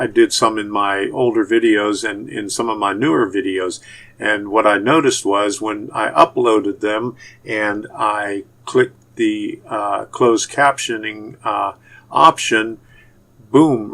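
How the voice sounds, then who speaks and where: A man from Pittsburgh with a Pittsburgh accent, giving YouTube channel tips in a casual, halting way full of "uh" fillers and restarts. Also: lowish voice, a bit bright. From Pittsburgh, USA. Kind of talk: casual tutorial talk to camera.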